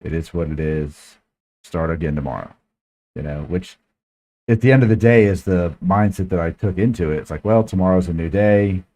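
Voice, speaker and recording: A man's voice: sits low, moderate pace, warm tone. A man hosting a podcast, telling a frustrated, profane story in casual chat. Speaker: podcast host.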